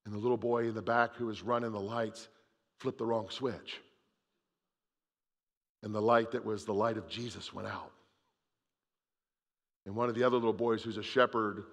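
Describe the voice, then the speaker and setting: A man preaching a sermon, reading scripture aloud and swinging between loud emphasis and hushed moments. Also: lowish voice, fairly even intonation, moderate pace, pauses often, in a large hall. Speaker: pastor.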